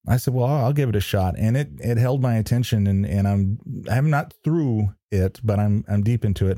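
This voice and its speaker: Man co-hosting a podcast, low mellow voice, loose and rambling, dry close recording. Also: dry recording. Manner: rambling, full of ums and restarts. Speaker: podcast co-host. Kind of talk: casual chat.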